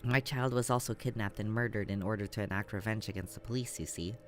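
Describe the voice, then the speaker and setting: A man voicing a soft-spoken, formal middle-aged mother who has lost her son. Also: on the low side, fast talker, faint music behind, natural voice. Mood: sorrowful. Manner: quiet, formal.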